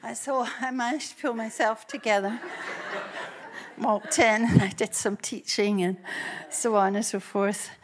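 A woman preaching to a congregation, telling a story with lively energy. Her voice sits fairly high, often turns breathy, and is quick to break into laughter. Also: noisy background. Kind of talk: storytelling sermon.

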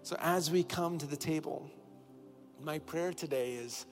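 A man preaching in a church, his slightly high voice ringing through a long, echoing hall. Soft music sits quietly underneath. He leans on repetition, turning each phrase over with earnest emphasis. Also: measured pace. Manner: earnest, repeating key phrases with rising intensity. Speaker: pastor. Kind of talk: sermon. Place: church sanctuary with long reverb.

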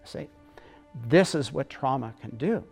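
A man's voice: mid-range voice, expressive, a little slow, creaky, darkish tone, slightly rough, faint music behind. A man explaining emotional memory and trauma, earnest and storytelling. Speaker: teacher.

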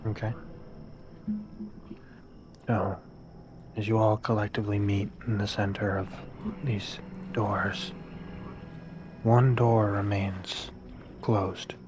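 Man narrating as game master in a flat, low voice. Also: lo-fi sound. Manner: slow, measured narration. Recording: noisy recording.

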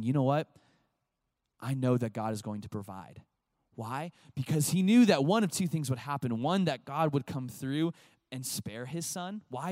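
A man pastor giving a casual, animated sermon to a young crowd, chatting and acting out short voices. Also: mid-range voice, no room sound, studio quality.

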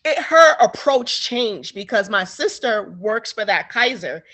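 A woman author talks casually through an interview. She tells her story in an animated way and slips into the voices of the people she describes. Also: fairly high pitch, measured pace.

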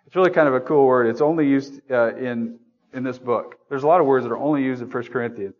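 A man's voice: medium pitch, quick pace, a little mellow, highs cut off. A man preaching a sermon in a church room, talking conversationally, asking the congregation questions and joking at his own expense. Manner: self-deprecating humor.

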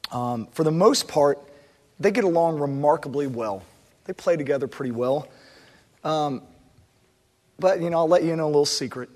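A man in his thirties, a pastor delivering a sermon, moving from quiet reflection to loud, impassioned preaching. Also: fairly high pitch. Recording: long reverb of a large hall.

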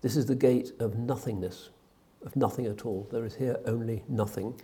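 A man voicing a humble elderly male sufi sheikh who speaks in a gently chiding, self-effacing way. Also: mid-range voice, fairly even intonation, normal speed, close to an everyday voice.

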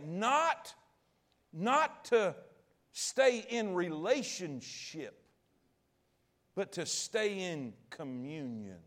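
High-voiced preacher, folksy and animated. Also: male voice. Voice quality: folksy, colloquial, swings from loud to hushed. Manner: animated storytelling, asks the audience questions. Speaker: pastor. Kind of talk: sermon.

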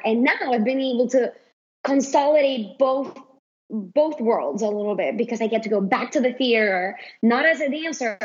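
Animated woman with a higher voice. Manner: animated storytelling, quick bursts. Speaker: guest, artist and mother. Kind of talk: casual podcast conversation. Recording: dull lo-fi recording.

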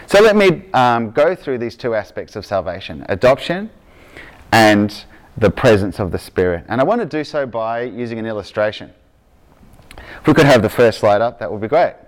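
A man's voice: lowish voice, sing-song, normal speed. A man with an Australian accent, raised in Argentina, preaching a sermon in a casual, storytelling way that keeps checking in with the congregation. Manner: conversational, checks in with "okay?" and "right?".

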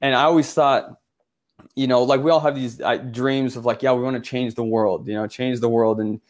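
A man's voice: mid-range voice, steady tone, moderate pace. A man from Utah, a photographer guest in an interview, telling his story earnestly with many restarts and filler words.

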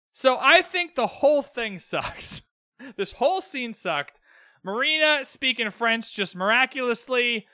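A man's voice: high voice, pushed and bright, clean tone, no room sound, clean studio sound. A young man hosting a casual solo podcast, rambling and opinionated with exasperated asides. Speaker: podcast host recapping a TV episode.

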